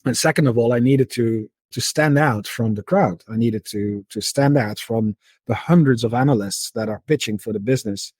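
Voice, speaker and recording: A middle-aged man with a husky, slightly breathy voice speaks as a podcast guest. He explains his ideas in a loose storytelling manner, stumbling over and repeating words as he goes. The recording is dry and close, with no room sound. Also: mid-range voice, normal speed, dry recording. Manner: repeats words and restarts often, relaxed storytelling. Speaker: podcast guest, market analyst. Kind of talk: conversational interview.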